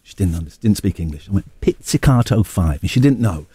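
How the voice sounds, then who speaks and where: A man's voice: low-pitched, lively intonation, fast talker, dark tone, husky, no echo. A man hosting a radio show, joking and rambling playfully with his co-hosts. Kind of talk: casual on-air banter.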